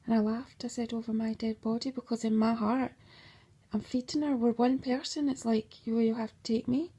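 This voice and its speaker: Her husky voice, a little high, holds a steady tone at a normal speed. She tells her own story in a wandering monologue, cursing freely, tacking "right?" onto her sentences and laughing now and then at her own darkly funny drift.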